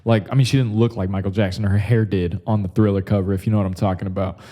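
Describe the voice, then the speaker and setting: A man's voice: on the low side, fairly even intonation, quick pace, mellow. Rambling, foul-mouthed young male podcaster. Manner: rambling, crude, says "like" and "bro" constantly. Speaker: podcast host. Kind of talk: casual comedic monologue.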